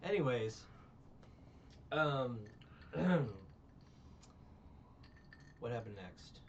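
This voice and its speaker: A man's voice: medium pitch, extremely slow, recorded from a distance. Sarcastic man recapping a movie, off-mic. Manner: sarcastic, animated when quoting characters. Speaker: podcast co-host. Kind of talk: casual movie recap chat. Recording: muffled lo-fi recording from off-mic with faint hiss.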